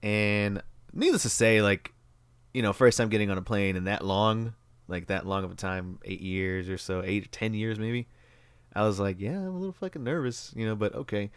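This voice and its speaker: A young man casually retelling a story, rambling and swearing freely, with lively bursts as he acts out the moment. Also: lowish voice, normal speed, smooth, dry recording.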